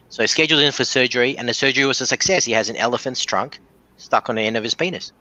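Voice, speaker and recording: Very fast and pushed-bright, this Australian man's mid-range voice comes through a muffled recording. He's a caller on a show, telling rambling dirty jokes and restarting sentences again and again.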